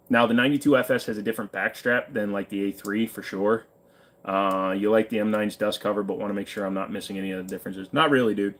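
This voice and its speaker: A man from Virginia casually answering live chat questions, offhand and swearing freely, while sitting in a friend's pawn shop. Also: lowish voice.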